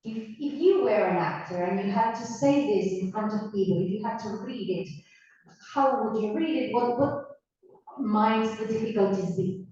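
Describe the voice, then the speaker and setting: A woman teaching a class in English with an Argentine Spanish accent, Spanish her first language, asking students questions in a slow, encouraging way and often repeating her words. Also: mid-range voice, dark tone. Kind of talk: classroom lecture. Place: university classroom. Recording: echoey classroom, distant mic, dull sound.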